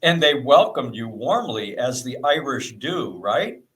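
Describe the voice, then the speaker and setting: Chatty guy interviewing someone, cracks jokes, stumbles and restarts a lot, normal mid-pitched voice. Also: very animated, a little slow, a bit bright. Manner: joking, chatty, many restarts. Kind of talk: casual interview. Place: indoors.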